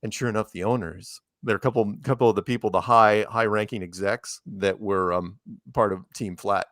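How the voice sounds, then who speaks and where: A man's voice: on the low side, steady tone, fairly quick, a bit bright, dry recording, clean studio sound. A man chatting as a guest over a call, rambling and quoting people as he tells a story. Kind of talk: casual chat.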